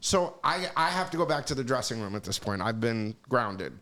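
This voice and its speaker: A man's voice: medium pitch, big pitch swings, normal speed, sharp tone. A man, a music executive, telling stories as a podcast guest in a loose, profane way, often asking "you know what I mean". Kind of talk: casual storytelling in a podcast interview.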